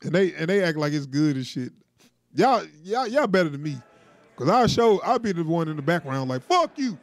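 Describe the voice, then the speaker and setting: A man co-hosting a casual reaction chat, laughing often and acting out quotes in an animated way. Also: fairly high pitch, brisk, no room sound. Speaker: co-host.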